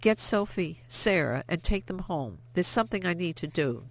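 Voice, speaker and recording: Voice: mid-range voice, lively intonation, normal speed, lightly acted. An audiobook narrator voicing Vianne, a young French wife, anxious and guilt-ridden, who pleads and stammers when cornered. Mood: weary.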